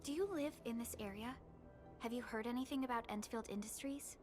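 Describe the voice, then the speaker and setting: In a game scene, a woman plays a calm, reassuring companion with a measured, steady delivery. Her voice sits a little high, and clear game music plays behind her. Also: close to an everyday voice.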